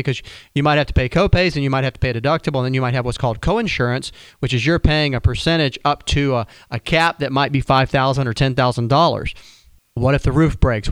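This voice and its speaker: A man hosting a radio advice show with a smooth, resonant voice. He talks in a casual, folksy way and often restarts his sentences. The studio sound is close and dry. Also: mid-range voice, dry recording. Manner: conversational, folksy, frequent restarts. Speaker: radio show host, financial planner.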